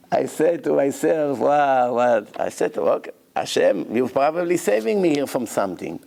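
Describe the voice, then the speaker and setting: Animated gravelly rabbi. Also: male voice, mid-range voice, normal speed, hardly any pauses. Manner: animated storyteller, acts out both sides of dialogues. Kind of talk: Torah lecture with storytelling.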